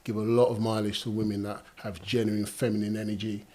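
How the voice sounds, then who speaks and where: A man, a guest in a casual panel discussion, talking in a measured, earnest way full of "you know". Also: on the low side, flat delivery, darkish tone. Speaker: guest on a talk show.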